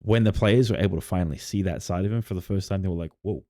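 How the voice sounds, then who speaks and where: Brief: male podcast co-host, very low voice, rambling, dry close mic. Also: rapid-fire, dark tone, no room sound. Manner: rambling storyteller with many "like" fillers and restarts. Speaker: podcast co-host and game master. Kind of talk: casual chat about tabletop campaigns.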